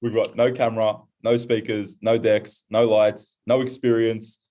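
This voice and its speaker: A young man with an Australian accent, a podcast guest, telling a story casually and putting on high voices when he quotes others. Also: a little slow. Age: young adult. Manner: animated, acts out quoted voices in high pitch.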